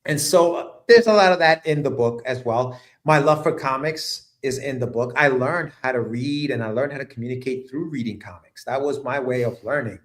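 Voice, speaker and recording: A man chatting as a guest on an interview show, relaxed and rambling with many fillers. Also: medium pitch, normal speed, hardly any pauses. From immigrant to the United States at age seven. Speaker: guest writer and letterer. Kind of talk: casual interview chat.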